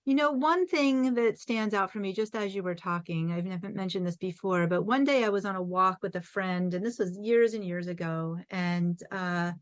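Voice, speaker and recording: A woman's voice: mid-range voice, normal speed, few pauses, dry recording. A woman guest on a podcast telling a personal story in a reflective, earnest way. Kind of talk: casual interview chat.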